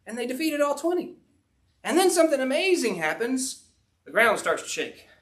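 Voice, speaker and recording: Brief: pastor, man, high voice, casual storyteller in the pulpit. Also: big pitch swings, normal speed, a bit bright. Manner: folksy storytelling with frequent fillers. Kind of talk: sermon, retelling a Bible story.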